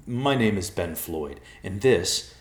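A man's voice: low-pitched, lively intonation, slow pace, pitched above the performer's own voice. An anxious tall man speaks in a lifted, hesitant voice, as a man puts him on. He is politely nervous, and the room echoes around him. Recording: roomy echo.

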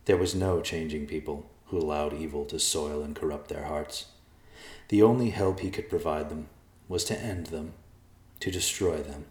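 A man narrating an audiobook in a measured, deliberate way. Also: a bass voice, a little mellow. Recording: echoey room.

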